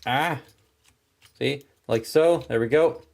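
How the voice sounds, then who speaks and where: A man's voice: medium pitch, slow, gravelly. A man hosting a casual toy review, chatting his way through each step as he handles the figure.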